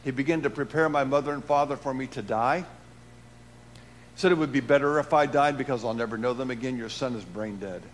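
A man preaching and telling a personal testimony, swinging between loud emphatic lines and hushed low ones. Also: a little fast, a little hiss or hum. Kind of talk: testimony sermon.

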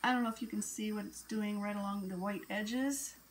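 A woman's voice: medium pitch, fairly even intonation, fairly quick, a little hiss or hum. A woman artist narrating her painting in a casual, gushing way, often dropping into a whisper, recorded on a camera on a stand. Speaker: acrylic pour artist.

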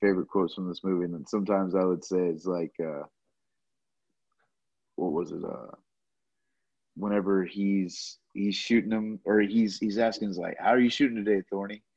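Deep husky laid-back man, lo-fi mic. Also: fairly even intonation, moderate pace, pauses often, darkish tone, no echo. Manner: laid-back, says dude and man, laughs along. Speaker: podcast co-host. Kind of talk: casual movie chat.

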